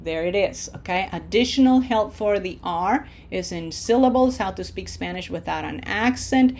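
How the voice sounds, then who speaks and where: A woman teaching a slide-based Spanish lesson, modeling words slowly and clearly and checking in with "okay?". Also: medium pitch, lively intonation. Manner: slow, deliberate, drawls out Spanish models loudly for repetition, checks in with "okay?".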